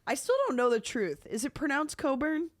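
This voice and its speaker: A woman's voice: on the high side, animated, fairly quick, dry recording. Laughing woman co-hosting a podcast. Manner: laughing anecdote-teller. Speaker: podcast co-host. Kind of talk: casual chat.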